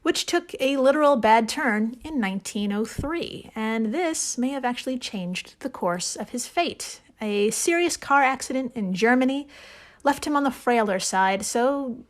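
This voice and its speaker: A woman's voice: a little high, animated, unhurried. A woman hosting a podcast, telling a story in casual chat, laughing and swearing as she goes. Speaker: podcast host.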